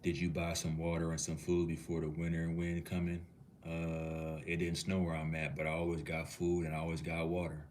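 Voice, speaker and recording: A man's voice: sits low, monotone, fairly quick, a little mellow, slight background noise. A man from Minneapolis, Minnesota, chatting casually on a livestream and answering viewers' comments in a laid-back, easygoing way. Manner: laid-back, easygoing, talks to the chat like a cool uncle.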